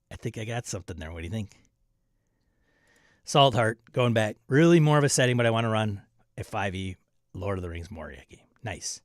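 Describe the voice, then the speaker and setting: A man's voice: on the low side, animated, normal speed, no echo, studio quality. Chatty man hosting a tabletop stream. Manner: chatty, reads viewer comments aloud and jokes around. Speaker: livestream host reading chat. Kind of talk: casual chat.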